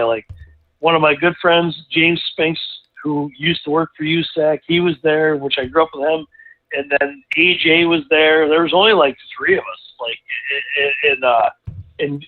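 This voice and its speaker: A man guest in a casual interview, telling a long story with lots of restarts and asides. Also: a little high. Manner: rambling, animated storyteller with many restarts. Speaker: racing driver guest. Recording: tinny phone-like line.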